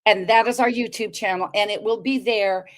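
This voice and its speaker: A woman telling her story on a talk show as a guest, expressive, acting out quoted dialogue and turning to address the listeners. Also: medium pitch, fairly quick.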